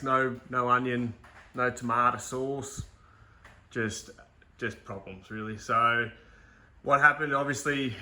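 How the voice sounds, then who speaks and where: A man's voice: medium pitch, a bit bright. A young Australian man casually talking through his car build in his garage, rambling and joking with the odd swear word. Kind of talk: casual workshop walkthrough.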